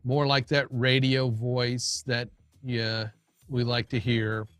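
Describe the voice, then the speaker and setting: Soft music plays behind a livestream host whose mid-range, fairly bright voice stays level and slow. He talks loosely with his viewers as he fiddles with his audio setup, often starting his sentences over.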